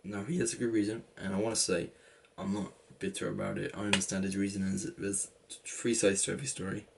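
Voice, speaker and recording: Gravelly young English man. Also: fairly low pitch, flat delivery, fairly quick, noisy background. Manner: rambling, full of "like" and restarts. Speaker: vlogger. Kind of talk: casual storytelling.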